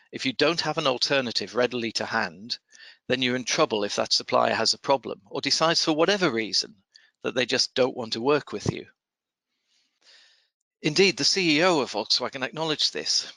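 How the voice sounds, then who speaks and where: A man hosting a podcast, reading procurement news in a measured, dryly wry way and then interviewing a guest. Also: medium pitch, pushed and bright, no room sound, low-quality recording. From United Kingdom. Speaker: podcast host. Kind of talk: scripted news commentary and interview.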